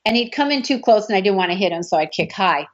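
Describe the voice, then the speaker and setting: On a dull, lo-fi recording, a martial arts actress rattles through an anecdote about a film shoot, imitating what people told her. Her medium-pitched voice is animated and she talks fast.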